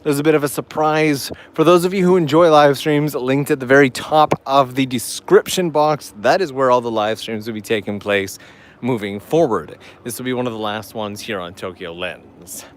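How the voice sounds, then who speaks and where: Walking along a seaside island path outdoors, a man hosts a travel live stream, chatting enthusiastically with viewers and reading their messages aloud. His voice is mid-range at a normal speed.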